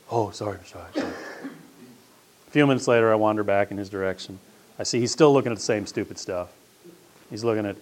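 A man's voice: on the low side, slight background noise. A man giving a sermon as a pastor and teacher, telling stories casually and building up to emphatic questions. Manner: conversational storytelling with rising emphatic questions.

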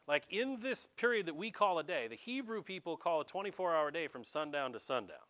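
A man's voice: fairly high pitch, a little fast, few pauses. A middle-aged man, preaching a folksy, joking sermon as pastor. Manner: folksy, animated preaching with jokes and asides.

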